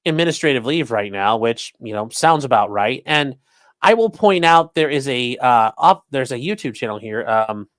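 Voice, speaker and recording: A man's voice: mid-range voice, fairly bright tone, no room sound. Sarcastic profane male streamer, dry sound. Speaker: streamer host. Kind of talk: casual live commentary.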